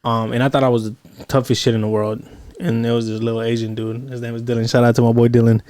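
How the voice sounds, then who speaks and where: A male podcast host with a middle-pitched voice who talks in a loose, rambling way, full of swearing and fillers. The sound is dry and close to the mic, with no room around it. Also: little pitch movement, fast, darkish tone, dry recording. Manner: loose, profane storytelling with lots of fillers. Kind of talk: casual chat.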